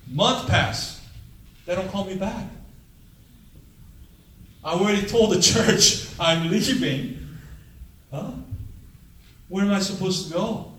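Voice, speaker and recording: A man preaching a storytelling sermon, switching into animated voices for each exchange. His voice is middle in pitch and reaches the mic from across a room. The room rings with echo over a faint hum of ambience. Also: unhurried, long pauses. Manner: animated, acts out dialogue with big pitch jumps. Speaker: pastor. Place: church sanctuary, heard from afar. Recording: echoey room, distant mic.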